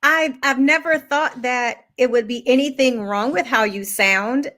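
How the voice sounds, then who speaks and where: A woman co-hosting a casual chat who teases and laughs, with a voice she calls pitchy. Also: measured pace, fairly bright tone. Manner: laughing, teasing, repeats words when starting. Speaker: co-host who makes the sound bites.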